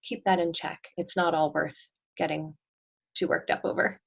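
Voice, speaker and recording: A woman's voice: low-pitched, steady tone, normal speed, gravelly, breathy edge, muffled recording. A woman guest on a podcast, talking casually and thoughtfully with frequent ums and light laughs. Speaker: podcast guest, marketing executive. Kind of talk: casual interview chat.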